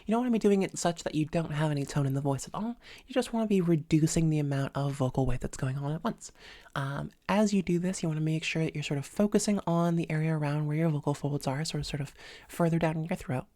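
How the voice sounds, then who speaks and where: A woman coaching voice exercises in a relaxed, hesitant way with many fillers. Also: low voice, fast, no echo, studio quality. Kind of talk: instructional voice lesson. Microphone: close microphone.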